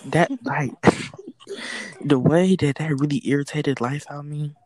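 A woman who works a fast-food drive-thru window tells a work story in casual chat, acting out the quoted exchanges and swearing freely. Her voice is low and darkish, with no echo but poor audio.

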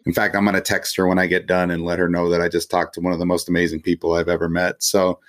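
Laughing male podcast host, low voice. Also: completely flat delivery, quick pace. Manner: laughs often, enthusiastic reactions. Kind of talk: casual interview chat.

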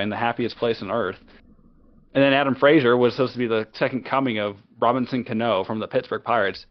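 A man co-hosting a sports podcast, ranting in a heated, profane, rapid-fire way. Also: mid-range voice, dull audio. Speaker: podcast co-host.

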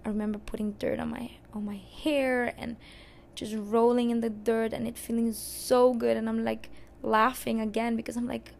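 A young adult woman hosting a podcast, candidly telling a personal story in a casual, expressive way and cursing now and then. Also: fairly high pitch, normal speed, gravelly, slight background noise. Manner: candid and expressive, swears and laughs at herself. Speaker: podcast host.

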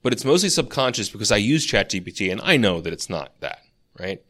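Low-voiced man rambling through a story. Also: big pitch swings, brisk, pushed and bright. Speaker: podcast co-host. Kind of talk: casual chat, telling a dream.

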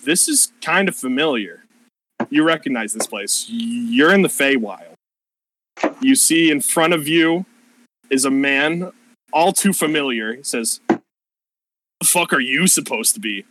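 A man's voice: medium pitch, fairly bright tone, slight background noise, low-quality recording. A man narrating a tabletop game as game master, casual and profane, rambling with plenty of fillers.

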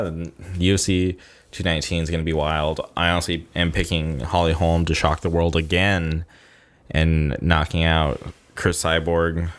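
A man vlogging in a loose, rambling way, leaning heavily on fillers like "like" and "you know" as he tells a story. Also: extremely low pitch. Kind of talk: casual storytelling to camera.

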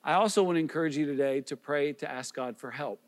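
A man's voice: fairly high pitch, fast talker, big-room sound. A man preaching as a pastor, earnest and pleading, with repeated questions and small restarts. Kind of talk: sermon.

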